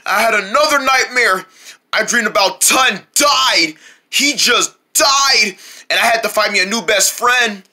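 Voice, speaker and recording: Someone voicing an excitable, panicky cartoon guy who yelps and shrieks in alarm, in a homemade cartoon. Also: medium pitch, measured pace, full character voice. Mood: frantic.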